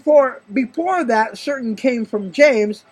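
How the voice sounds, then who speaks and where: A man's voice: very high-pitched, takes it slowly, darkish tone, husky, rough recording. A man hosting a show, mixing jokey commentary with Bible reading, playful and laughing often. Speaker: host.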